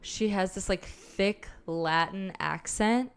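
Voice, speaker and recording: A young woman co-hosting a podcast, ranting in casual chat, animated and profane, laughing often. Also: medium pitch, slow. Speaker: podcast co-host.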